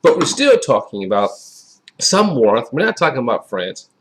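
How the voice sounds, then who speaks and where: A man's voice: mid-range voice, sing-song, moderate pace. A man giving a casual, chatty wine review in a folksy way that often repeats itself. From Wisconsin.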